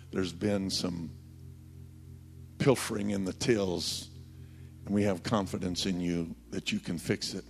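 A man preaching a sermon, telling a story with quoted voices and building to loud, pleading calls. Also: fairly low pitch, vocal fry. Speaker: pastor.

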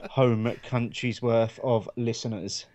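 A man's voice: medium pitch, fairly even intonation, takes it slowly, a little mellow. A man co-hosts a laid-back beer podcast, chatting in a self-deprecating way. His voice sits in an ordinary middle range for a man. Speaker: podcast co-host. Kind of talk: casual chat.

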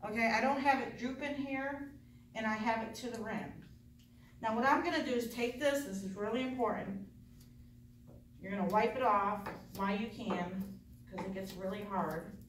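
A woman's voice: a little high, recorded from a distance, slight background noise. Woman instructor coaching a class, echoey room. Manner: chatty, encouraging, coaching with quick asides. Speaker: dental assisting instructor. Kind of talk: hands-on classroom demonstration.

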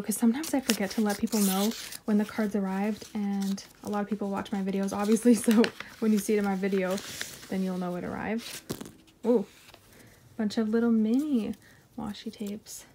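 Excitable woman with a mellow voice. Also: mid-range voice, slight background noise. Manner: gushing, excitable, chatty with frequent giggles. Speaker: vlogger unboxing a haul. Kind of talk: casual unboxing chat.

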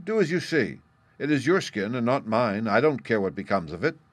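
A man's voice: medium pitch, lively intonation, moderate pace, no echo, close to an everyday voice. A man voicing a cheeky young boy in a storybook reading, insistent and blunt. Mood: urgent, blunt. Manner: insistent warning, raised voice.

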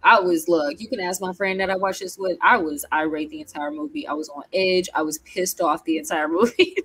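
A young woman giving a casual, animated movie-review rant, laughing often. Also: lowish voice, brisk, hardly any pauses, breathy edge, low-quality recording. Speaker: video creator reviewing movies. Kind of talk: casual ranting review vlog.

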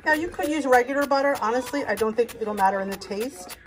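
Speaking fast with a fairly high pitch, an American woman guides her audience through a recipe on her home cooking channel, rambling cheerfully as she goes. The recording is rough, with slight background noise.

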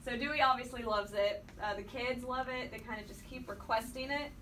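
A woman's voice: on the high side, steady tone, brisk, a loud crowd. A woman giving a guided tour, chatty and storytelling, talking to her group. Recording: distant mic, noisy room.

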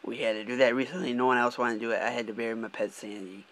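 A man's voice: medium pitch, fairly even intonation, rapid-fire, a bit bright. A young man from Michigan talking candidly in a casual vlog, swearing often and restarting his sentences as he drives. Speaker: vlogger. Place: car, driving.

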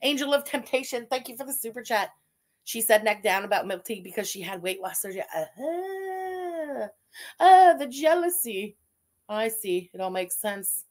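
A woman's voice: medium pitch, expressive, brisk. A woman with a Canadian accent hosting a casual commentary stream, blunt and sarcastic, swearing freely as she reads out super chats.

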